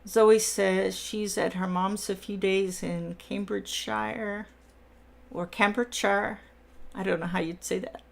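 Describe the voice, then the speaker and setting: A middle-aged woman chats on her easygoing coloring livestream, reading viewer comments and replying as she colors. Her medium-pitched voice is flat, with vocal fry, a normal pace and few pauses.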